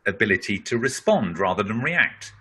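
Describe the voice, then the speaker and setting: A middle-aged man speaking on leadership in a webinar takes a question and works through his answer at a normal, conversational pace. His bright, slightly husky voice sits somewhat low, and he is very animated and explanatory, relying heavily on fillers like "you know."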